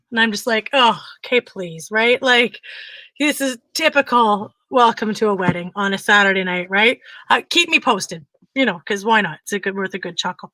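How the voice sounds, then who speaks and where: A woman co-hosting a talk show, telling a funny story in a casual, animated way and acting out what others said. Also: medium pitch, normal speed, no echo. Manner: animated, frequent laughter, acts out quotes. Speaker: podcast co-host.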